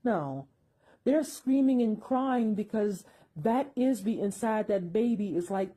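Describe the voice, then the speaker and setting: Husky-voiced woman, emphatic monologue. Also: mid-range voice, animated, slow, poor audio. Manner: emphatic and repetitive, forceful dismissals. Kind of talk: opinionated spoken monologue.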